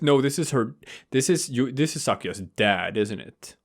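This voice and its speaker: A woman's voice: very deep voice, expressive, normal speed. A woman giving casual, chatty gameplay commentary, swearing freely. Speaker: let's play commentator.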